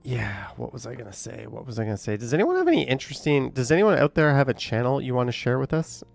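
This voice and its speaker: Gravelly-voiced man rambling on a stream. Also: mid-range voice, big pitch swings, quick pace, faint music behind. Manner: rambling and hesitant, trails off with fillers. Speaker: live streamer reading viewer chat. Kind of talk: casual live-stream chat.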